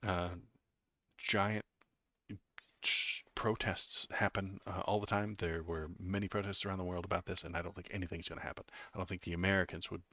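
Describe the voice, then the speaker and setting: A man with a very deep voice gives live political commentary, sardonic and halting, full of fillers and repeated words. The sound is dry and close with no room. His mic is a little dull and lo-fi. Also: little pitch movement, bright, forceful tone, no echo. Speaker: political streamer.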